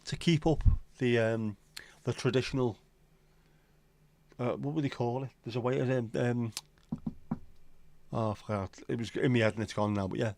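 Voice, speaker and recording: A man's voice: mid-range voice, steady tone, normal speed, creaky, long pauses, a little mellow, slight background noise. A middle-aged man with a Liverpool accent, hosting a livestream and chatting casually in an opinionated, sweary, rambling way. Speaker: livestream host. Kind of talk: casual chat to a live audience.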